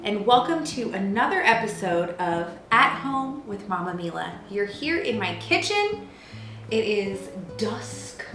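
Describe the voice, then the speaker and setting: A woman's voice: medium pitch, very animated, a little slow, a bit bright. Chatty woman hosting a cooking show. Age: 30s. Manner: gossipy, playful storyteller with lots of fillers. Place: home kitchen. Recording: roomy kitchen with music behind.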